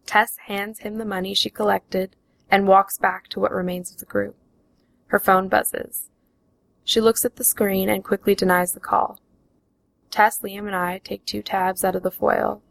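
A woman reads her first-person memoir aloud at an unhurried, even pace. Her voice carries a gravelly fry, and her pitch barely moves from line to line. It sounds like a steady, plain storytelling read. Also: rough recording.

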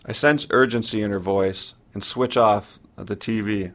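A man narrating his own story in the first person, in a measured, sombre way. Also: on the low side, steady tone, a bit bright.

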